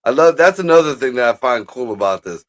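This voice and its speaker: A man's voice: medium pitch, lively intonation, fast. A man co-hosting a live movie watch-along, talking bluntly and profanely as he explains what happens on screen. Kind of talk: casual chat, movie commentary.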